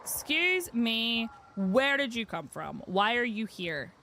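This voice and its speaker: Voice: medium pitch, sing-song, takes it slowly, sharp tone, a little hiss or hum. A streamer from the UK giving wry, muttering running commentary while playing a game. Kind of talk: casual gameplay commentary.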